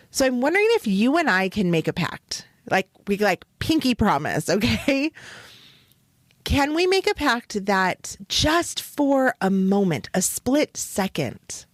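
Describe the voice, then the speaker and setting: A woman hosting a wellness podcast, speaking directly to the listener in a gentle, reflective, encouraging way. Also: medium pitch, dry recording, studio quality. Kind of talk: gentle motivational talk.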